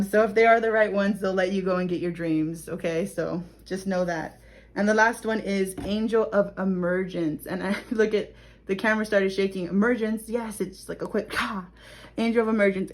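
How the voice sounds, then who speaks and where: A woman's voice: mid-range voice, moderate pace. A young woman giving a casual tarot reading to camera, chatty and laughing often, often checking in with "okay?". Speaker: tarot reader.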